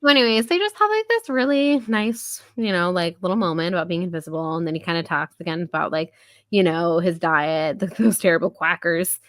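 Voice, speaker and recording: With a fairly low, fairly quick voice and no echo, a woman co-hosts a casual book-review podcast. She recounts scenes from a novel in a chatty, filler-heavy manner and laughs frequently.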